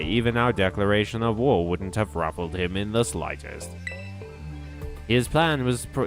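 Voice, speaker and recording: A man reading the lines of a secretive mission strategist, giving orders in a matter-of-fact briefing tone. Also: fairly low pitch.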